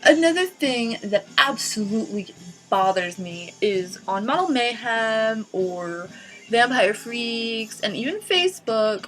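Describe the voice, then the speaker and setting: A woman's voice: fairly high pitch, fairly bright tone. A young woman vlogger ranting sarcastically and profanely, exasperated and blunt. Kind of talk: ranting vlog.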